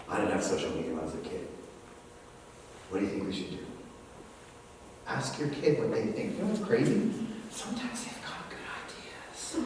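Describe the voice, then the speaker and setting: An older man giving a lively church workshop talk, acting out dialogue between a parent and child. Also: fairly low pitch. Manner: animated, acts out parent dialogue. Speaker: speaker. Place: church hall. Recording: echoey hall from far off, faint noise.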